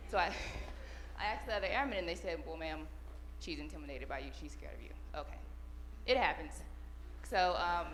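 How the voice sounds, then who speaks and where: A woman with a lowish voice telling a personal story to an audience, warm and self-deprecating with plenty of ums. There is a faint hum under her voice. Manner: warm, self-mocking, with fillers. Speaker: Air Force supervisor, panelist. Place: large auditorium.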